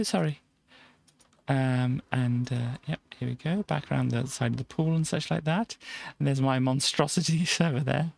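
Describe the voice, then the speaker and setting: A man with a gravelly, fry-edged voice narrates a game tour in a playful, rambling way. He is close and dry on the mic with no room sound. He scatters silly noises through his casual commentary. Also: medium pitch, darkish tone, no echo. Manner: playful, chatty, drops in silly sound effects. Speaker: streamer.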